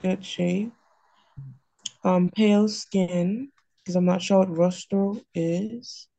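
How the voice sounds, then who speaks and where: A woman student reading aloud in class, halting and unsure. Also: mid-range voice, steady tone, creaky, dark tone, dry recording, poor audio.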